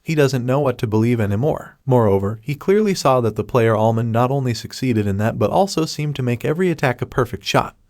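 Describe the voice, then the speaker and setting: A man narrating a recap of a comic story in a steady, scripted storytelling voice. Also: medium pitch, a little fast, few pauses, no room sound.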